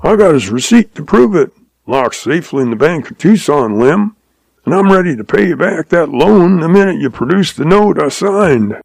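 A man voicing a shrewd old cowboy who talks in a slow, patient, folksy drawl. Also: fairly high pitch, very animated, gravelly, darkish tone, no echo, pitched above the performer's own voice, full character voice. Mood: patient, sly. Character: shrewd old cowboy, calm, sly, chuckling.

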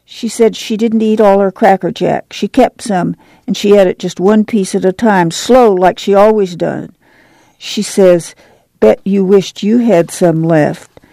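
An excited little farm boy tumbles through his story in a breathless, higher rural drawl, as a woman reader voices him. The tone is mellow and slightly gravelly, heard dry and close. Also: a little slow, dry recording.

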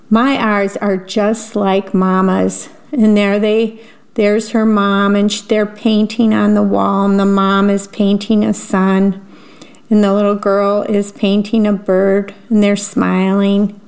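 A woman reading a picture book aloud to children, gently describing each picture as she goes. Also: medium pitch.

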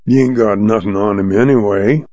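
A man's voice: fairly low pitch, normal speed, dark tone, no room sound, muffled recording, lightly acted. A man doing a sneering, surly old-west cowhand. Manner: drawling, scornful. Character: surly sneering male cowhand, middle-aged.

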